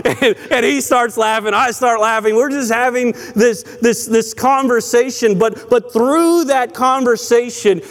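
High-voiced pastor preaching in a hall. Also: male voice. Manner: conversational preaching with storytelling and frequent restarts. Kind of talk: sermon.

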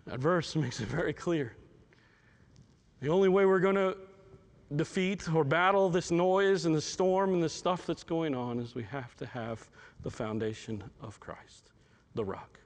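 A man's voice: a little high, unhurried. A male pastor preaching a sermon in a heartfelt way, often stumbling and repeating words as he talks.

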